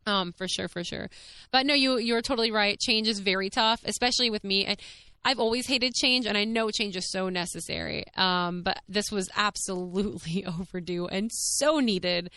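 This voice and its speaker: A young woman hosts her own podcast in a loose, candid way, reading listener notes aloud and laughing between them. Her voice is bright, clean and smooth, and the recording is close and dry with no room echo. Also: medium pitch, normal speed. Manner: chatty and candid, many fillers, frequent laughs. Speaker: podcast host. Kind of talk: casual solo podcast, reading listener comments.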